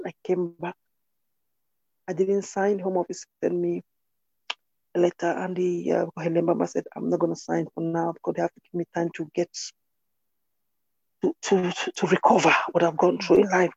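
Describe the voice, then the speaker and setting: A woman recounts her life in an interview, earnest and halting, often restarting her sentences. Her voice is dark and husky. The recording is dry, slightly muffled and lo-fi. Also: lowish voice, flat delivery, dry recording. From Cameroon. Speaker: interview guest. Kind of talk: personal testimony in conversation.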